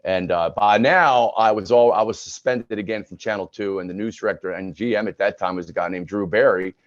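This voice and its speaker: A man's voice: fairly low pitch, brisk, no room sound. A man in his sixties, a retired sports broadcaster, frankly telling his own story as a podcast guest. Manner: frank, conversational, with many restarts. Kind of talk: candid personal storytelling. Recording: dull lo-fi recording.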